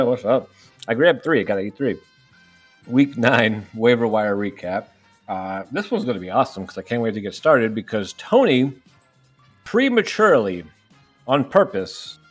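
A man co-hosting a casual fantasy football podcast, relaxed, with lots of "like" fillers and deadpan jokes. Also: medium pitch, normal speed, soft background music. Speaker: podcast co-host.

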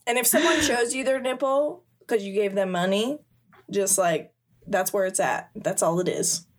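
A woman's voice: medium pitch, moderate pace. A woman co-hosting a casual podcast, speaking bluntly and swearing a lot. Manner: profane, blunt, emphatic. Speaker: podcast co-host. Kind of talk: casual chat.

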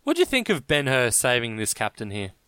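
A man's voice: medium pitch, wildly swooping pitch, brisk, a bit bright, slight background noise. An Australian man co-hosting a film podcast, teasing and wisecracking in casual chat. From Melbourne, Australia. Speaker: podcast co-host.

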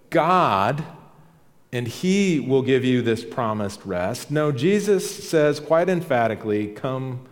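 A man's voice: on the low side, darkish tone, big-room sound. A man preaching a sermon as pastor, conversational and emphatic, repeating key phrases.

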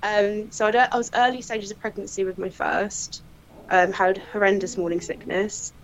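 A woman, a crime scene investigator, telling funny work stories in a casual, animated way and often laughing. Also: medium pitch, moderate pace. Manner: animated, laughing storyteller who acts out quotes. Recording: slightly dull lo-fi audio.

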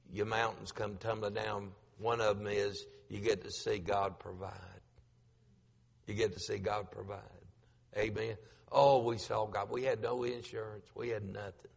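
A man's voice: on the low side, steady tone, a little slow, gravelly, big-room sound. A middle-aged man, a pastor telling a story in a sermon, acting out the voices he quotes and repeating lines for emphasis. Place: church sanctuary.

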